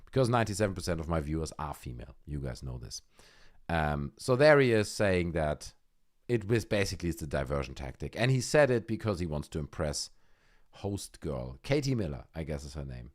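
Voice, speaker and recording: A man hosting a live online show in a loose, sarcastic way, with a lively voice that rises and falls a lot. He mocks the clips he talks about and keeps a casual tone throughout. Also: a bass voice, fairly quick. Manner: sarcastic, mocking, puts on silly voices. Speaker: livestream host.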